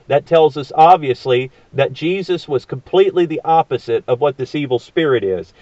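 A man delivers a sermon in an earnest, emphatic way, asking rhetorical questions and pausing on fillers. His voice sits a little high for a man. The recording is muffled and dry, with no room sound. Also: expressive, a little mellow, no echo. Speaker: preacher.

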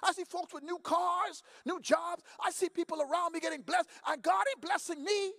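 A woman's voice: extremely high pitch, normal speed, a bit bright, no echo, studio quality, voice pushed up. A man preaching voices a distraught woman who complains that others are blessed and she is not. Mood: aggrieved. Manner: pleading, raised complaint.

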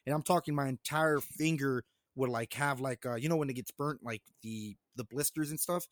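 A man's voice: medium pitch, moderate pace, no echo, clean studio sound. A man co-hosting a casual podcast, telling stories in a laid-back way with frequent laughs. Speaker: podcast co-host. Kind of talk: casual chat.

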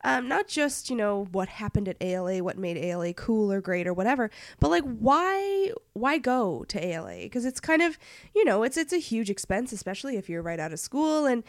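Woman, husky from a cold, podcast co-host, joking, fillers, higher pitch, dry close sound. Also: very animated, brisk, hardly any pauses, no room sound. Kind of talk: casual podcast chat.

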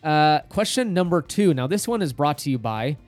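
A man's voice: a little high, big pitch swings, moderate pace, faint music behind. A man co-hosting a casual podcast, explaining figures in an upbeat way and teasing as quizmaster. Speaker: podcast co-host.

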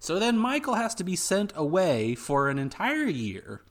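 Young man calmly summarizing a film. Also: high voice, moderate pace. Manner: steady, orderly storytelling with dry asides. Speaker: podcast co-host. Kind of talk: casual film recap chat.

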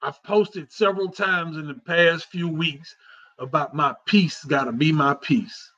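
A man with a high, bright voice hosts a casual talk show. He talks in a heartfelt, repetitive, conversational way, and the recording sounds dull and lo-fi. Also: fairly even intonation, unhurried. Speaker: host.

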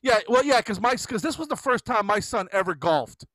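Middle-aged guy rambling about golf, high voice, dry close sound. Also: lively intonation, moderate pace, fairly bright tone, no room sound. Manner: rambling storyteller, restarts, mimics voices. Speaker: father telling a golf story. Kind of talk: casual chat.

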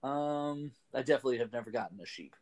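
A man's voice: medium pitch, expressive, darkish tone. A man hosting a casual radio show, joking and laughing easily with his guest. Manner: jokey, laughs easily, quick asides.

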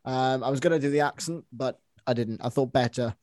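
An easygoing man hosts a football podcast, joking around with his co-hosts. His voice sits at an everyday middle pitch. The sound is close and dry, with no room echo. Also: fairly quick, darkish tone. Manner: jokey, easygoing, hesitant fillers. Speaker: podcast host. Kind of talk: casual podcast chat.

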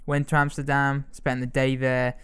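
A man's voice: medium pitch, monotone, moderate pace, a bit bright, smooth. A young man chatting casually about a trip, rambling and teasing. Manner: rambling, self-interrupting, teasing. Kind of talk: casual chat.

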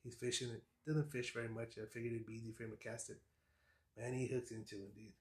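A man, a fishing guide on a podcast, telling stories in a casual, lively way and acting out what people said. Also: medium pitch, quick pace, roomy sound. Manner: animated storyteller, acts out quotes, laughs often. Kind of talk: casual storytelling chat.

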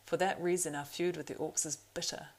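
Brief: proud young male horse-lord, as a woman reads him; earnest, urgent; low, gravelly voice. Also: fairly even intonation, brisk, rough recording. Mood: bitter, wary. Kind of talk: audiobook reading.

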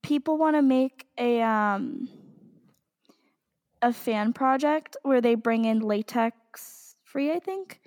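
Excitable young woman co-host, high voice. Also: slow, big-room sound. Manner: excitable, swears freely, dramatic groans. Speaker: podcast co-host. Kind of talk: casual fan podcast chat.

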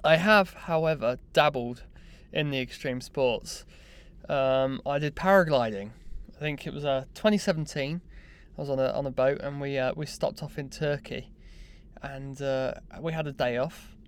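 A young man telling a personal story in a casual, animated, self-mocking way. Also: medium pitch, moderate pace, clean tone. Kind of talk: casual anecdote monologue.

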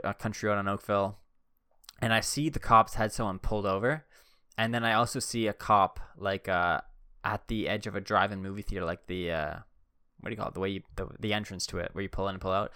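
A man's voice: fairly low pitch, pushed and bright, smooth, dry recording, studio quality. A young man hosting a podcast, telling rambling, self-deprecating stories with joking asides while seated indoors. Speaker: podcast host. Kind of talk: casual storytelling. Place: seated indoors on a swivel chair.

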